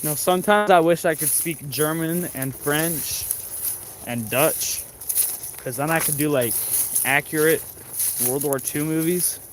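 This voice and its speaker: A man's voice: fairly high pitch, unhurried. A man chatting casually on a livestream as he walks through woods by a creek, rambling with many fillers and restarts. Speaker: livestream host. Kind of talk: casual livestream chat while walking. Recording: faint outdoor background noise.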